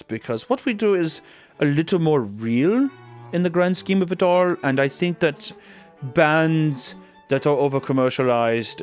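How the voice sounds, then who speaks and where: A man's voice: medium pitch, close to an everyday voice. A man voicing a pompous young male black metal musician with a put-on German accent, snobbish and mocking.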